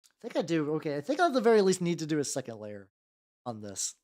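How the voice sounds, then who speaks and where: Streamer, casual livestream chatter, animated pitch, rambly and profane. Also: fast. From United States. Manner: rambling, swears freely, talks to chat, trails off mid-thought. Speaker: streamer painting miniatures. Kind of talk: casual livestream chat while painting.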